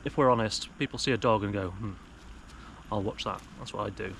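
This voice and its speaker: A man's voice: on the low side, fairly quick, vocal fry, noisy background. A young British man vlogging while sitting outdoors in woodland, chatting in a wry, self-mocking way with rambling jokes, recorded on an action camera. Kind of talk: casual chat to camera.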